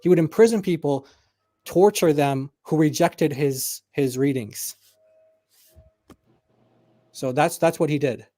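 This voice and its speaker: Man, fairly high voice, halting explanations, repeats words, dry close sound. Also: warm tone, no room sound. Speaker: co-host in a debate stream. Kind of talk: live online debate.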